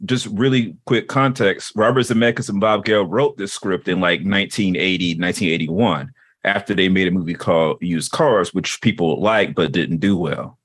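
A man's voice: low-pitched, moderate pace, a bit bright, no room sound. A man co-hosting a podcast in casual chat. He is chatty and loose, filling in background. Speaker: podcast co-host.

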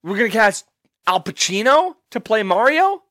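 A man's voice: high voice, normal speed, no room sound, clean studio sound. A man hosting a podcast, ranting casually and swearing freely as he works himself up. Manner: animated, swears freely, talks himself into outrage. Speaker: podcast host.

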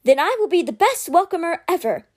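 Storybook read-aloud: a woman doing a little fox creature, high and small, eager to please. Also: big pitch swings, normal speed, a little mellow. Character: small timid talking fox, eager to help.

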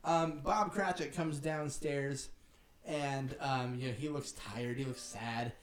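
A man's voice: medium pitch, fairly even intonation, slow pace. Laughing, joking man as game master. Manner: joking, laughing, swearing narration. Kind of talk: narrating a comedic tabletop game. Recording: roomy echo, faint music.

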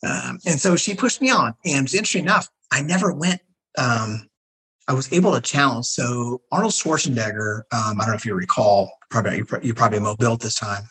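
A middle-aged man, a guest telling stories in a casual interview, animated and acting out the people he quotes. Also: medium pitch, brisk, rough recording. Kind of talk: casual storytelling.

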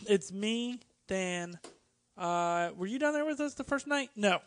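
A man co-hosting a casual podcast, telling an animated story and acting out what people said. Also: sits high, measured pace, no room sound, studio quality. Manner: animated storyteller who acts out quotes. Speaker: podcast co-host.

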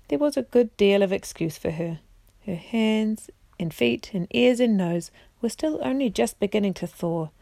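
A woman reads a children's chapter book aloud to her own children in a gentle, unhurried way. Her voice has a slightly gravelly edge. The sound is dry and close, with little room echo. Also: mid-range voice. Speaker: parent reading aloud. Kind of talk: storybook reading aloud.

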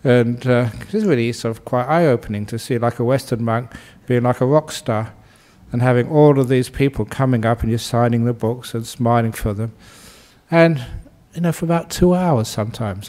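A man who is a Buddhist monk, giving a gentle, humorous dharma talk, chuckling often and repeating soothing phrases. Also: medium pitch.

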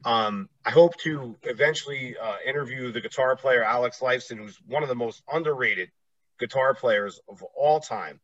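A man in middle age hosts a relaxed conversation, rambling freely and laughing often. His voice is bright and forward. The recording is dry and a little dull. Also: mid-range voice, moderate pace, dry recording. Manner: laid-back, rambling, laughs easily. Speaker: podcast host. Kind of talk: casual chat.

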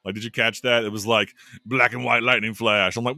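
A man co-hosting a casual chat, talking in a joking, wry way with quick asides. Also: fairly low pitch, steady tone, sharp tone, dry recording, clean studio sound. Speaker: podcast co-host.

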